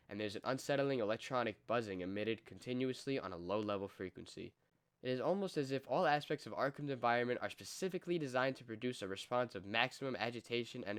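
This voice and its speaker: A man's voice: mid-range voice, clean tone, no room sound. A man reading a comic book aloud, doing all the characters himself. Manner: reads every character himself.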